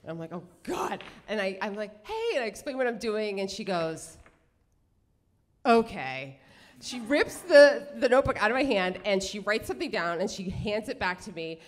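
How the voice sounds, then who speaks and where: A woman telling a funny personal story live on stage, chatty and animated, with many fillers and self-corrections. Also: mid-range voice, a little fast, few pauses. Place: cultural center stage before an audience.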